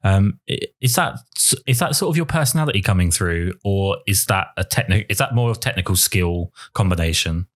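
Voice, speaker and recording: Lower-voiced male podcast host. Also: expressive, brisk, few pauses. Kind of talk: interview questions.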